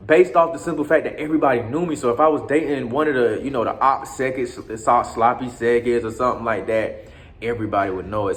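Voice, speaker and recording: A man at a middle pitch telling a story in loose street slang. He curses freely, restarts his sentences and keeps turning to his listener with asides. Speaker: storyteller recounting his time abroad. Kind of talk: casual storytelling.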